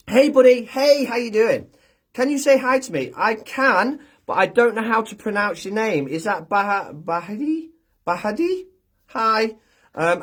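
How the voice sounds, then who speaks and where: A man's voice: high voice, breathy edge. A British man from the UK hosting a casual livestream, chatting and chuckling as he reads out viewer comments into his phone. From United Kingdom. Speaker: livestream host. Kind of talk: casual live chat reading viewer comments.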